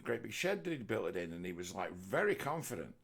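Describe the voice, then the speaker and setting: A middle-aged man's low voice, gravelly and a little husky. He rambles through a sweary comic monologue in a loose, meandering way. Now and then he slips into mocking impressions. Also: very animated, fairly quick, fairly bright tone. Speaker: comedian. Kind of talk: rambling stand-up style monologue.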